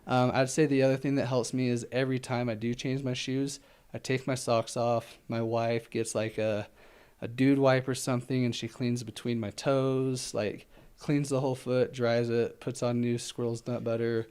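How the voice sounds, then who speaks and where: A man's voice: medium pitch, level tone, normal speed, a little mellow, smooth. A man taking part as a guest in an interview, rambling with many fillers, laughing easily and slightly out of breath. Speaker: ultramarathon runner guest. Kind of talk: casual interview chat.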